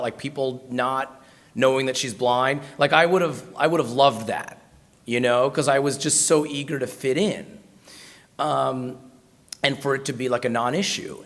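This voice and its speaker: With a medium-pitched, slightly bright voice, an American guest speaker tells stories at a university in a chatty, self-deprecating way, often restarting and leaning on fillers.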